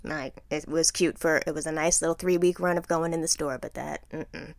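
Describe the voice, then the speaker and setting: A woman's voice: deep voice, fairly even intonation, moderate pace, creaky, no echo, studio quality. A woman co-hosting a podcast in casual chat, blunt and emphatic, with plenty of cussing. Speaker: podcast co-host.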